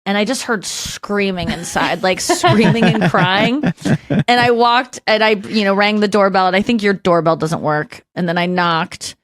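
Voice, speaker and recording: A woman's voice: medium pitch, measured pace, no echo, clean studio sound. A woman hosting a podcast, chatting casually and telling stories with gushing enthusiasm. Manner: animated, gushing storyteller. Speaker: podcast host. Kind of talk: casual chat.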